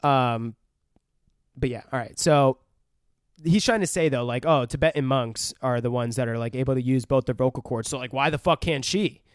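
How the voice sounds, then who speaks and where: A man's voice: mid-range voice, moderate pace, smooth, dry recording, clean studio sound. A young man co-hosting a podcast, retelling a film in a rambling, profane way and laughing often. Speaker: podcast co-host. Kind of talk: casual film review chat.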